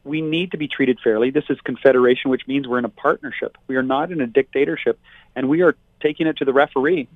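A man's voice: medium pitch, fast, no room sound. Indignant man on a tinny phone line. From Alberta, Canada. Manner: emphatic, indignant, repeats his points. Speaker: politician, phone-in guest. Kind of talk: impassioned political talk.

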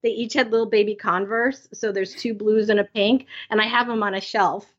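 A woman's voice: medium pitch, steady tone, fairly quick. A middle-aged woman co-hosting a podcast, chatting casually with lots of fillers. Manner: conversational, many fillers. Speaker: podcast co-host. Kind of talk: casual recap chat. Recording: dull lo-fi sound.

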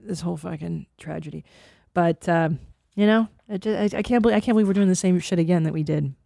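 A woman's voice: fairly low pitch, creaky, darkish tone, dry recording, studio quality. A woman in her forties hosting a podcast, rambling and swearing freely, with sighs and restarts, a little stuffy from cold medicine. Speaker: podcast host. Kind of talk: casual chat.

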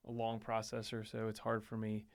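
A man's voice: on the low side, monotone, moderate pace. A man speaking as a podcast guest, hesitant and stammering as he searches for words. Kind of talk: casual chat.

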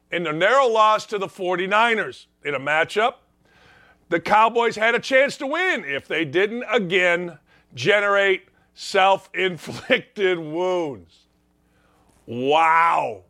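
A man hosting a sports talk show, delivering a fired-up, emphatic rant that keeps repeating its points and bursts into shouts. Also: very high-pitched. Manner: emphatic, ranting, repeats himself, swings into shouts. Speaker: sports radio host.

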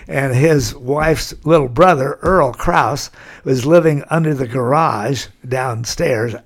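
Gravelly older man telling stories. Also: mid-range voice, slow pace. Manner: rambling anecdotal storytelling, with frequent "kinda" and "you know". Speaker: interview guest. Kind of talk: storytelling.

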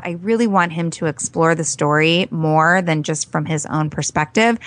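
Earnest woman parent coach, lowish voice. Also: moderate pace, hardly any pauses. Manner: earnest, animated storytelling with acted quotes. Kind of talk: conversational podcast interview.

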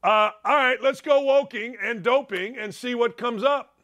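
An older man hosting a talk show in a high, bright voice. He rants bluntly and combatively, firing off opinions in a monologue. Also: measured pace. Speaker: sports talk show host.

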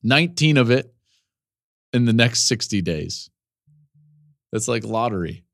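Covering the week's news for a podcast, this forties-aged college football analyst has an expressive, fairly bright mid-range voice with vocal fry and wide pitch swings. Laughing asides and quick stories keep interrupting his commentary.

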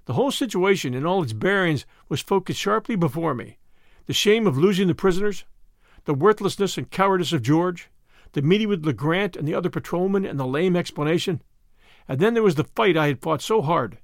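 Expressive male audiobook narrator, dry sound. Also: sits high, vocal fry, dry recording. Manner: expressive, dramatic reading. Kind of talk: first-person scripted narration.

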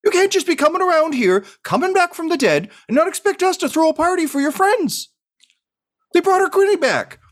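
A tearful middle-aged farm mother who quavers and scolds in a high, trembling voice, put on by a man running a tabletop game. She fusses over her returned son and can't stop her lip from shaking. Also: animated, brisk. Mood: fussing.

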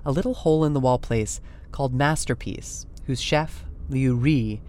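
A man narrates his podcast in a measured, descriptive way. His pitch sits in the middle of the range. Each line is carefully scripted. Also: a little mellow, slight background noise.

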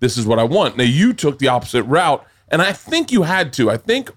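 A man hosting a podcast in casual chat, rambling and swearing with quick restarts. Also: medium pitch, big pitch swings. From Southern United States. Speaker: podcast host.

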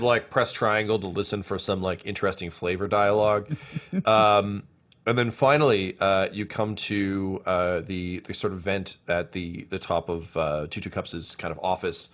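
A man runs a tabletop game, narrating in a loose, rambling way with lots of filler words. His voice is bright and forceful. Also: low-pitched. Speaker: game master.

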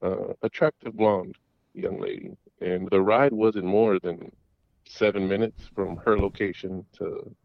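A middle-aged man calling in to a talk show, telling a story in a rambling, halting way full of restarts and fillers. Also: lowish voice, gravelly, dry recording, highs cut off. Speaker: caller. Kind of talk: casual storytelling. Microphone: phone call.

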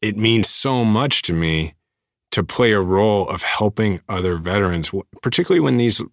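A man in his thirties, a guest in a casual interview, speaking earnestly with many halting restarts. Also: on the low side, lively intonation, no echo, studio quality.

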